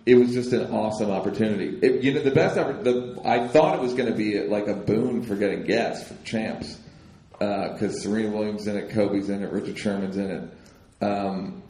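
A man's voice: lowish voice, dark tone. Dry teasing man, echoey live stage. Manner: dry, teasing, halting with fillers. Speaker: podcast co-host. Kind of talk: casual live podcast banter.

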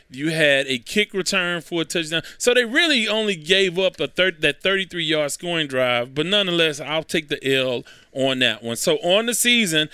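A man's voice: a little high, pushed and bright, clean tone, no echo, clean studio sound. A man hosting a sports talk segment, giving his football picks in a chatty way, correcting himself as he goes and adding wry asides. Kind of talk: casual sports picks commentary.

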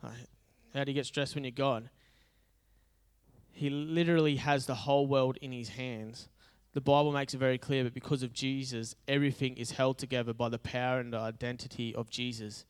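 A man's voice: medium pitch, fairly even intonation, a little fast, clean tone. A male pastor preaching a conversational, humorous sermon that builds into emphatic repetition.

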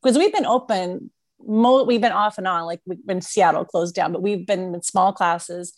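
A woman's voice: lowish voice, normal speed, no room sound, clean studio sound. A woman, a dance teacher, telling stories in casual conversation. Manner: storytelling, laughs while telling.

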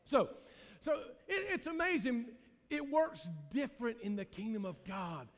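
A male pastor with a Southern US accent preaches to his congregation, his voice sitting unusually high. He swings between ringing shouts and hushed, low asides. The sound carries a long reverb from the church sanctuary. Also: sing-song, measured pace. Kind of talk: sermon.

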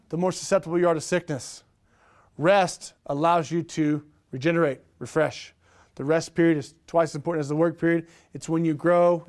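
A middle-aged man preaching a sermon, energetic, with rhetorical questions and repeated phrases. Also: on the high side. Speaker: pastor.

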